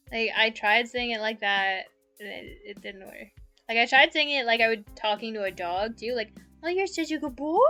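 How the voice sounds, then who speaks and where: A woman's voice: on the high side, sharp tone. A young woman streamer chatting casually and giggling often, speaking close into her mic. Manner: giggly, laughs often between sentences. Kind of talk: casual chat. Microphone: mic very close to the mouth.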